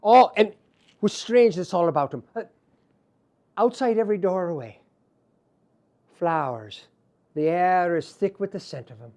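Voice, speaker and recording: Animated Irish storyteller spinning a folktale. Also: male voice, sits high, unhurried, pauses often. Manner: lilting, animated, repeats phrases.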